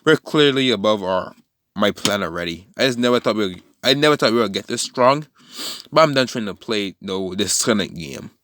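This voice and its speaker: A man voicing a cold, fed-up teenage boy hero who speaks in a flat, quiet, resolved way. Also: fairly low pitch, a little fast.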